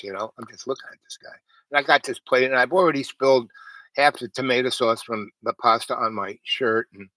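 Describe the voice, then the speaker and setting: A man's voice: medium pitch, sharp tone, no room sound, low-quality recording. A man telling a long, rambling personal story in a casual way, full of fillers, restarts and quoted dialogue. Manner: meandering, many fillers and restarts, quotes others. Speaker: storyteller host.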